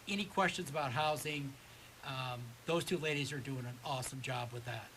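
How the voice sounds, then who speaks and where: A man's voice: medium pitch, moderate pace, fairly bright tone, slight background noise, poor audio. A man who volunteers with a local baseball association, telling stories enthusiastically as a radio guest. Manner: enthusiastic storyteller. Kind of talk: casual radio chat.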